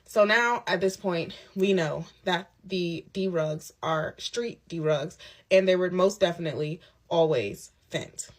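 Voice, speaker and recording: A woman telling her own story in a casual storytime monologue, candid and emphatic, with quick asides. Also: fairly low pitch. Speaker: storyteller recounting a personal ordeal. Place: lives on a military base abroad.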